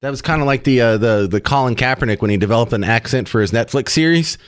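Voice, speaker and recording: Guy hosting talk radio, joking and opinionated, mid pitch, dry studio sound. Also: fast talker, smooth, no room sound. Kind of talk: casual talk radio chat. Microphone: studio microphone.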